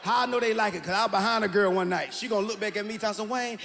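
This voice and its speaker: A stand-up comedian works the room in a very high, animated voice, shouting his punchlines and acting out his stories. The sound carries a long hall reverb over faint room noise. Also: very fast, gravelly, few pauses. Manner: loud, animated storytelling with shouted punchlines and acted-out quotes. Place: stage in a large hall with a live audience.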